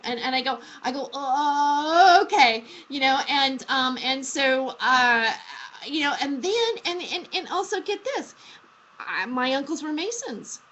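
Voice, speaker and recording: Woman, casual chat, rambling with fillers, bright tone, dull lo-fi sound. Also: high voice, expressive, measured pace. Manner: rambling, many fillers and restarts. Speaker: podcast host.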